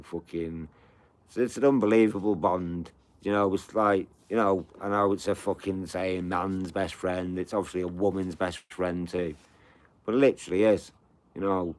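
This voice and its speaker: Middle-aged man, deep low voice, loose sweary live-stream patter, rambling home chat. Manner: casual, sweary, repeats fillers like "you know".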